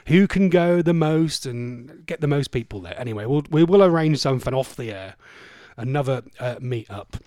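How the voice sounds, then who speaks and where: A man's voice: fairly high pitch, no echo. A middle-aged man hosting a radio show in casual, rambling, jokey chat. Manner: rambling, chatty, loose and jokey. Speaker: radio host.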